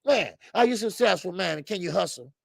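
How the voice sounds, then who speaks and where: A man hosting a call-in boxing show, talking in an animated, profane way that repeats phrases for emphasis. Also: high-pitched, normal speed, gravelly, no room sound, clean studio sound. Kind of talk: animated casual commentary.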